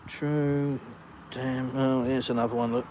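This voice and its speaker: Live-streaming outdoors from a village, this English man from the UK fields chat questions with blunt, dry sarcasm. His voice sits in the mid-range, level in tone and measured in pace, with a lot of noise around him.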